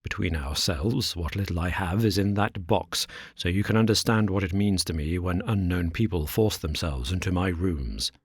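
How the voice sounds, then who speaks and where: A man's voice: deep voice, moderate pace, hardly any pauses, breathy edge, no echo, studio quality. A man doing a reedy, quivering nervous man. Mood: anxious. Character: nervous fat middle-aged man, jittery.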